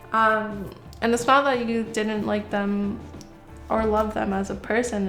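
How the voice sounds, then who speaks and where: A woman in a casual tarot reading, chatty and rambling, her speech full of fillers and the odd curse when she gets worked up. Her voice sits at an ordinary middle pitch for a woman. Faint music plays softly behind her. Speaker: tarot reader.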